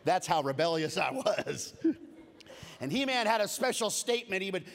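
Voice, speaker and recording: Animated male pastor in a reverberant hall. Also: moderate pace, vocal fry. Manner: lively storytelling, humorous asides; swings from loud and animated to low and hushed. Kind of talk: sermon. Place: church auditorium. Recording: long reverb of a large hall.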